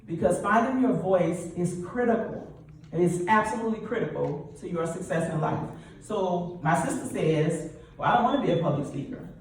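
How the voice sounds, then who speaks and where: A middle-aged woman giving a lively motivational talk at a church event, often asking the audience questions. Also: on the low side, normal speed. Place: church hall. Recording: roomy echo, distant mic, faint hum.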